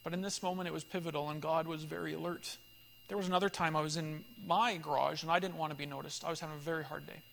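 A man leading a church group, telling a story in a lively conversational way and acting out the voices of people in it. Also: a little high, quick pace, creaky, big-room sound, slight background noise. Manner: animated storyteller, acts out dialogue, laughs often. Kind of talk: conversational teaching talk with storytelling.

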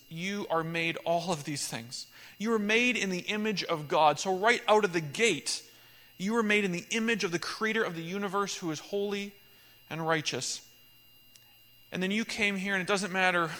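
A man's voice: on the high side, sharp tone. A man preaching a sermon as pastor, delivering emphatic, repetitive litanies. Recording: echoey hall.

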